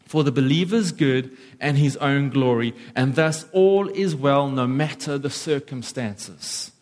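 A man's voice: medium pitch, measured pace, few pauses, darkish tone. A man preaching a sermon as pastor, emphatic and acting out the voices of worried listeners.

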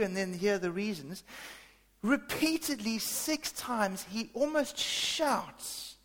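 A man's voice: very high voice, very animated, takes it slowly. A man preaching a sermon as pastor, talking conversationally with many fillers and restarts. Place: church hall. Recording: long reverb of a large hall.

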